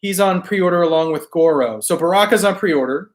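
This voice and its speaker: A toy collecting live stream host, a man with a slightly higher pitch than most men, banters with viewers in a relaxed, slangy way and laughs readily between comments. His voice is going hoarse as he loses it, and he talks fairly quickly. A little hiss or hum is audible.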